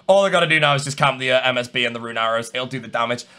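A young man giving live gameplay commentary, chatting to his viewers, calm and muttering one moment and shouting the next. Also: medium pitch, racing. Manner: chatty, talks to viewers and opponents. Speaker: gaming streamer.

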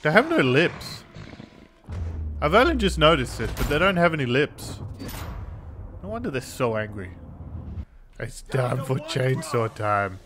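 A man giving crude, excitable commentary over a video game playthrough, taunting the characters and cheering loudly. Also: medium pitch, measured pace, pauses often, over music. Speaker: gameplay commentator.

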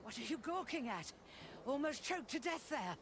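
A woman's voice: high-pitched, sing-song, normal speed, noisy background. Granny Xena, a bossy foul-mouthed old woman. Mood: gruff. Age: older. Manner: brash, bossy, swearing.

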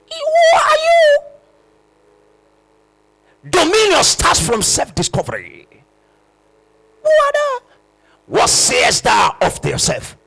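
A male pastor preaches at full tilt. His voice sits high and swoops widely, with a gravelly, husky edge and a bright, forceful push. He shouts and repeats key phrases for emphasis. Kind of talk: sermon.

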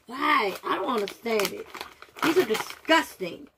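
A woman's voice: on the high side, lively intonation, unhurried, background noise. A woman doing a casual taste-test vlog, groaning and reacting dramatically as she talks straight to her viewers. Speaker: vlogger.

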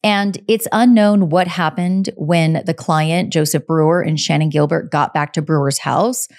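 A woman's voice: deep voice, steady tone, unhurried, few pauses, a little mellow. A woman hosting a podcast, telling a true crime case in a casual, conversational way and often adding her own take. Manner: conversational, hedges with personal takes. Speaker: podcast host.

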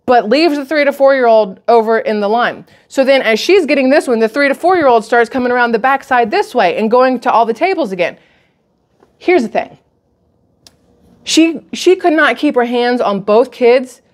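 A woman vlogger telling a story in an animated way, acting out what people said and what she thought. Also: medium pitch. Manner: expressive, acts out voices and thoughts.

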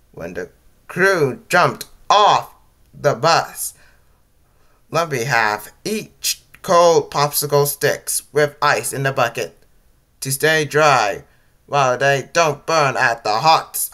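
A man reading out a homemade story, halting and stumbling over his words. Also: medium pitch, expressive, bright, forceful tone.

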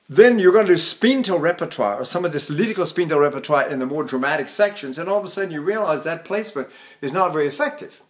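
An older man gives a lecture on vocal technique, and his speaking voice sits high for a man. He talks casually to his students, tells stories and keeps asking "see?" as he makes a point. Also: fairly bright tone. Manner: chatty and anecdotal, breaks into sung opera demonstrations; addresses students directly with frequent "see?". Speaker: voice teacher.

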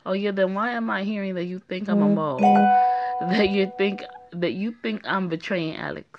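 Calm, protective male bodyguard in a story game, read by a woman in her own voice. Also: medium pitch, moderate pace, dull audio, music in the background, close to an everyday voice.

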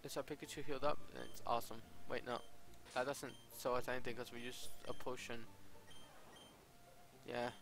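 A man giving casual, excitable gameplay commentary, exclaiming often. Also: mid-range voice, normal speed, over music. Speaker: Let's Play gamer.

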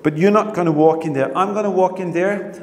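A man exploring an underground bunker, talking to his camera in excited bursts and often repeating himself, recorded on a handheld camera. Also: sits high, a little fast. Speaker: history explorer vlogger. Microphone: handheld camera mic. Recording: echoey bunker with long reverb, faint noise.

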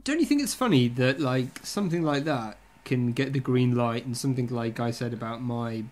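A man's voice: mid-range voice, animated, moderate pace, darkish tone. A man hosting a casual podcast chat, joking and teasing his guests. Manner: jokey, teasing. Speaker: podcast host.

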